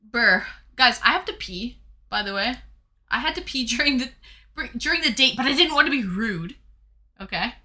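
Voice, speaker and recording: Bubbly woman streamer, very bright and lively, effusive casual chat. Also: fairly high pitch, normal speed. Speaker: streamer hosting viewer dates.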